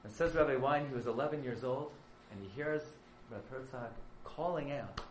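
A man who is a yeshiva rabbi, telling a story as a sermon, dramatic and surging from hushed to loud. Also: mid-range voice, fairly quick, echoey room, slight background noise, rough recording.

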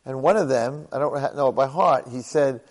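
A man's voice: mid-range voice, fairly quick, long reverb tail, rough recording. A middle-aged man teaching a Torah class, emphatic and fond of rhetorical questions, often restarting his sentences. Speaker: Torah lecturer.

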